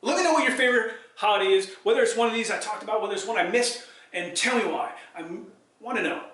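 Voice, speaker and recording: A man hosts his own talk show, chatting in an upbeat way and putting questions to the viewers. His voice sits high and sounds bright. He is recorded in an echoey room and stands a little away from the mic. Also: quick pace, distant mic. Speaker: host. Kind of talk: solo talk show monologue.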